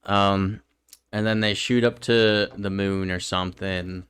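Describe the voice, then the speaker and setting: A young man from northern New York, co-hosting a podcast in casual chat, fast-talking and swearing casually. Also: sits low, steady tone, a bit bright, slight background noise. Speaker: podcast co-host.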